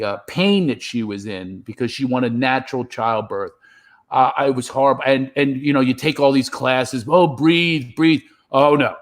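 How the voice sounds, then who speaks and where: Animated middle-aged comedian telling stories. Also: male voice, mid-range voice. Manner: animated, acts out his own reactions. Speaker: stand-up comedian. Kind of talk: storytelling on a live stream.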